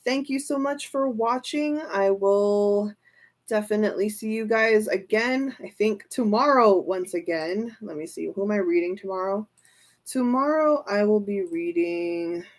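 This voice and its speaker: A woman tarot reader and streamer chatting casually to her live viewers. She talks in a chatty way, with fillers and repeated phrases. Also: medium pitch.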